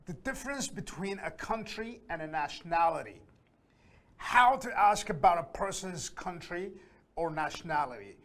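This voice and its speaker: Speaking in a high-sitting, fairly bright voice, a male teacher guides beginners through English. He keeps a slow, careful pace and repeats words so learners can hear how they sound.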